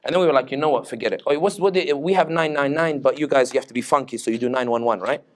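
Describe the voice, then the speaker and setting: A man's voice: mid-range voice, fairly even intonation, quick pace. A man from Tunisia with a British accent, a political analyst giving a joking, anecdotal public talk at an Islamic center. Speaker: political analyst, guest speaker.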